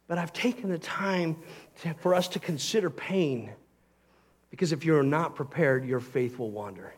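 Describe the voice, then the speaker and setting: A man preaching a sermon as pastor, earnest and emphatic, swinging between loud passages and quiet ones. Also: a little high, moderate pace, husky.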